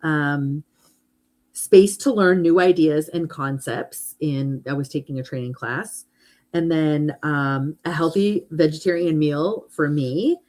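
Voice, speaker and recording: A middle-aged female host and hypnotherapist speaks slowly in a low, somewhat mellow voice, captured on a low-quality recording. Animated and casual, she talks about self-love and affirmations with plenty of fillers.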